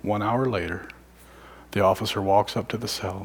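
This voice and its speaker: A man preaching a sermon, moving from emphatic, raised lines to hushed whispers. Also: fairly low pitch, steady tone, moderate pace, a little hiss or hum.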